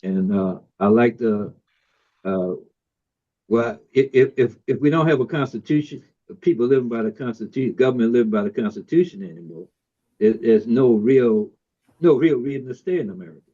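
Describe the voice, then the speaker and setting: A man in a casual discussion group speaking haltingly and earnestly, with many pauses and ums. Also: medium pitch, mellow. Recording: slightly dull lo-fi sound.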